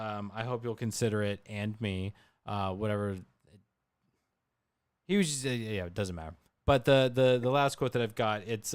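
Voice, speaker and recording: A man co-hosting a casual movie discussion podcast, animated, often trailing off and restarting. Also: on the low side, smooth, no echo, studio quality. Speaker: podcast co-host.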